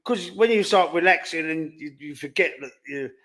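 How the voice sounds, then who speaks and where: A London man with a Cockney accent hosts a casual live-stream chat over a noisy crowd, telling rambling anecdotes and quoting his own back-and-forth exchanges. His voice is a little high and his speed normal.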